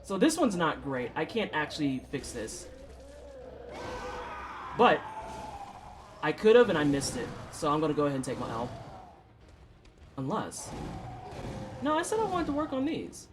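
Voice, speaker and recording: Speaking at a measured pace with long pauses and wildly swooping medium pitch, a thirty-something St. Louis streamer trades casual banter with chat during a game. They joke, swear, and trash-talk in slang, with slight background noise in the recording.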